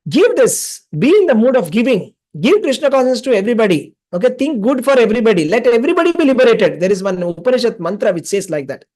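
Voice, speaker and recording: A man's voice: very high voice, very animated, quick pace, hardly any pauses, a little mellow. Man, scripture class teacher; storytelling, repeats points, checks in with the audience. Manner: repetitive, asks the class questions, acts out dialogue. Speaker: spiritual teacher.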